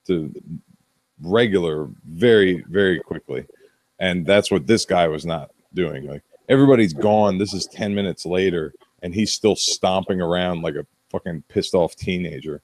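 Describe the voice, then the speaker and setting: A man's voice: deep voice, moderate pace, darkish tone, no room sound. A man in his thirties, a podcast co-host telling a blunt, profane story in casual chat. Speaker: podcast co-host, bar manager.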